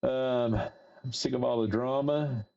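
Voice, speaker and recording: A man's voice: mid-range voice, steady tone, measured pace, creaky. A man with an Appalachian accent, hosting a livestream and rambling in a folksy way straight to his chat. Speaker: livestream host. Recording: dull lo-fi stream audio.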